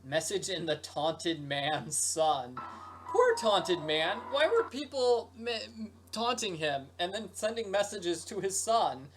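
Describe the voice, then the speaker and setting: Speaking slowly in a high voice with big pitch swings, a video game streamer delivers joking let's play commentary and slips into silly rhyming songs. Game music runs underneath.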